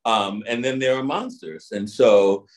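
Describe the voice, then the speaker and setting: Rambling middle-aged actor, casual chat. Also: male voice, medium pitch, unhurried. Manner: loose, rambling, leans on "like" and "you know what I mean". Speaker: actor interviewed as guest.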